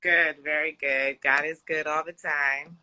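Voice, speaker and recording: A cheerful woman guest with a very bright, sharp tone, giggling between her ums. She talks easily about her work. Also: sits low, fairly even intonation, measured pace, poor audio. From United States. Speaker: guest actress and director. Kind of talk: live online interview.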